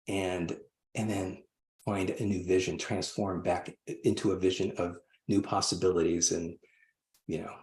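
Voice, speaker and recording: A man's voice: sits low, a little mellow. A man who is a podcast guest tells a long personal story, rambling with many restarts and acting out the voices he quotes. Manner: acts out quoted voices animatedly. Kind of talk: storytelling interview answer. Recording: roomy echo.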